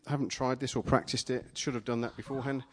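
A man preaching a sermon, retelling a vision in the first person, dramatic at first and then playful and energetic with volunteers in front of a live congregation. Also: mid-range voice, fast talker, slight background noise. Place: church gathering with a live audience.

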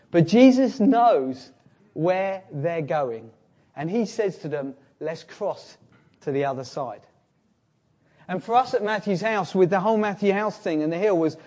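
A man preaching a sermon with a fairly high voice. He tells the story in an animated way, pushing some lines loud and dropping others to a near hush. His pitch rises and falls widely as he acts out each scene.

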